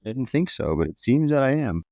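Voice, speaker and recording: A man's voice: mid-range voice, big pitch swings, a little fast, warm tone. A man hosting an interview, listening closely and adding short supportive remarks. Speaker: podcast host. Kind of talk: casual interview.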